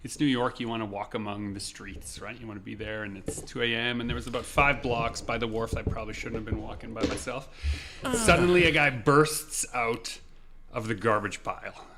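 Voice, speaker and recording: A man co-hosting a podcast, telling a story in a casual, animated way and acting out shouted lines. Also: mid-range voice, brisk, crowd noise. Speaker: podcast co-host.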